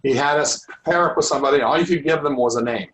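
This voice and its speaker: Hoarse man teaching an informal class. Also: fairly high pitch, fast, a bit bright, a little hiss or hum, poor audio. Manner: rambling, restarts sentences often. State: losing his voice. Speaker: holistic healing teacher. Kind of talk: informal online class talk.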